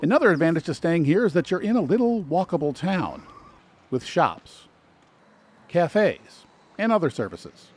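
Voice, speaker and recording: Lively-voiced man narrating a travel guide. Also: fairly high pitch, moderate pace. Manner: informative with dry sarcastic asides.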